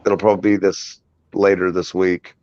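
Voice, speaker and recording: A man's voice: low voice, level tone, normal speed, darkish tone, dry recording. A man hosting a casual podcast, talking about cars in a rambling way and laughing often. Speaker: podcast host. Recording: dull lo-fi recording.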